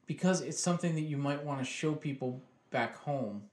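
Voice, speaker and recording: A man co-hosting a casual podcast chat, laid-back and arguing his point calmly. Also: fairly high pitch, normal speed. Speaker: podcast co-host. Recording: echoey room.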